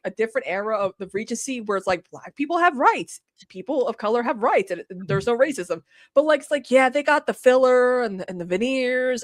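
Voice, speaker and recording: A woman in her thirties co-hosts a podcast, chatting casually and rambling with lots of restarts. Her voice is fairly high with a fairly bright tone, captured as clean studio sound with no room sound.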